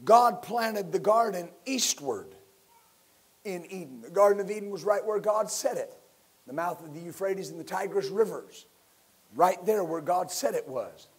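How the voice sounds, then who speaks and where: A man preaching a sermon as pastor, building to loud emphatic bursts and leading his listeners in call-and-response. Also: high voice, animated, moderate pace, slightly rough.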